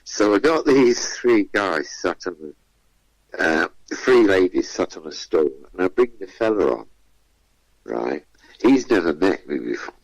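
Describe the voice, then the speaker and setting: A guest comedian on a radio interview, his voice low, gravelly and very animated, tells chatty anecdotes at an unhurried pace. He acts out the voices of the people he quotes, and the recording is rough but echo-free.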